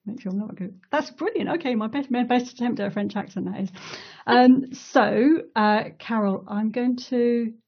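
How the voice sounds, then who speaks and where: A woman's voice: a little high, normal speed, slightly rough, highs cut off. Chatty woman hosting a call. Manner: chatty, relaxed, filler-heavy and welcoming. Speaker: coach and community host. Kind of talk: casual hosted online conversation.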